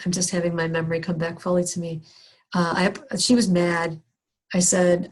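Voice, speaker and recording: Running a skills session, a middle-aged counselor shares a frank, self-mocking story about herself, restarting often and using many fillers. Her voice is lowish, her delivery flat, her pace moderate.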